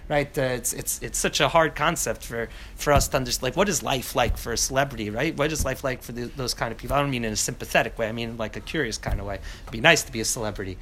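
A man teaching a class on scripture, talking in an animated way with many restarts and asides. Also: mid-range voice, quick pace, hardly any pauses, slight background noise.

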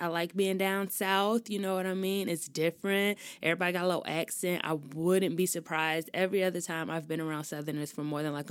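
A young woman from Chicago hosting her own podcast, talking in a chatty, animated way with slang and frequent laughs. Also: fairly low pitch, no echo. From Chicago, US Midwest. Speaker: podcast host. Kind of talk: casual solo podcast chat.

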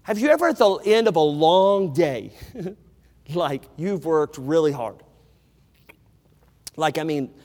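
A man preaching a sermon to a large gathering, emphatic, swinging from loud declarations to hushed asides. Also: on the high side. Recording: long hall reverb.

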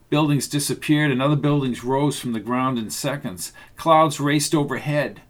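A man reading a novel aloud as narrator, in a steady, measured way. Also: mid-range voice. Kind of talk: audiobook narration.

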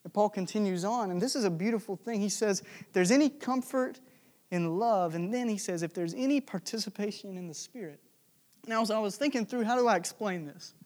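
A young man delivers a sermon as a loose, conversational story. His voice sits high for a man, and he jokes along, filling his talk with casual asides. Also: fairly quick, a little mellow. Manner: conversational, jokey, with many fillers. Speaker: preacher.

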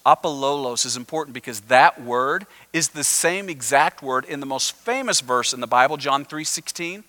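A male pastor preaching a sermon, animated and acting out the voices of the listeners in the story. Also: medium pitch, moderate pace.

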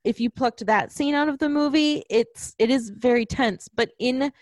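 A woman's voice: high voice, moderate pace, no room sound. A woman in casual conversation about a film, retelling scenes and quoting the characters' lines. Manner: chatty, retells scenes with quoted lines, frequent restarts. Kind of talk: casual movie discussion.

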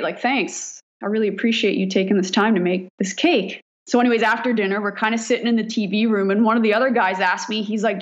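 A woman firefighter tells stories in a relaxed interview, frank and quick to laugh, with plenty of swearing. Her voice sits at an ordinary middle pitch. The recording sounds dull and lo-fi. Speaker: firefighter guest. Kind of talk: casual storytelling in an interview.

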